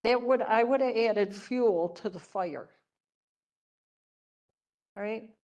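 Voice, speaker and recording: An older woman, a religious sister, teaching a class through stories in a gentle, chatty way, often checking in with her listeners. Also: on the high side, slow pace, lo-fi sound. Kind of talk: storytelling lecture to a class.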